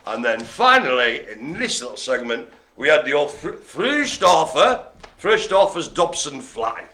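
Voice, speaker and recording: Lively, bright-voiced man hosting bingo. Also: medium pitch, moderate pace. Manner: rambling, jokey, stumbles over names. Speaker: bingo host. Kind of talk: live online bingo hosting.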